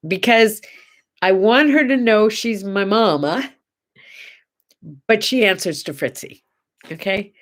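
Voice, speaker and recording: A woman's voice: medium pitch, expressive, unhurried, a bit bright. A middle-aged woman hosting a casual morning chat show, chatty and tender, rambling with little asides. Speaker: host.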